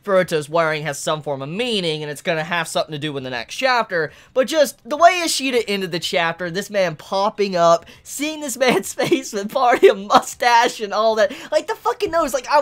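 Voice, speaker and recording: A woman reviewing a manga chapter in casual commentary, excitable, laughing often and swearing freely. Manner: animated pitch jumps.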